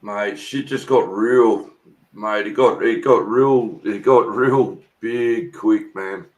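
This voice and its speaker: Australian man, casual guest, animated and sweary. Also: lowish voice, slow pace. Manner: excitable, swears a lot, slips into loud mocking voices. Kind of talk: casual chat.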